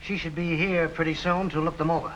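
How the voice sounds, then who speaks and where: An actor playing a grave, formal city official in an early TV crime drama. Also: male voice, on the high side, little pitch movement, fairly bright tone, muffled recording, slight background noise, lightly acted. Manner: formal, measured. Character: earnest city official, adult man, grave.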